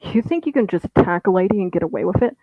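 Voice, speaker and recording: A man's voice: high voice, lively intonation, fast, dry recording. A man voicing a stern, confrontational bystander in boots, commanding and blunt, as part of a story reading. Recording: tinny phone-like audio, dry.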